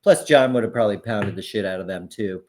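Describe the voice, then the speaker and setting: A man's voice: fairly low pitch, fast, a little mellow. A man in his forties, a podcast co-host, speaking in a laid-back, hesitant way in casual chat. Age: 40s.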